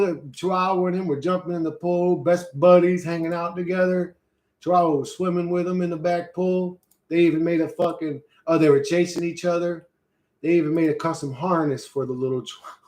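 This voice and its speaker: A man's voice: a little high, darkish tone. A man streaming live, chatting casually and rambling with lots of swearing and laughter. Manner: rambling, profane, laughs often. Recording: echoey room.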